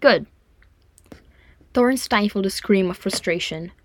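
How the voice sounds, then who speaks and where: A woman narrating a fan fiction audiobook with calm, even storytelling. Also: mid-range voice, normal speed, dry recording. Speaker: audiobook reader.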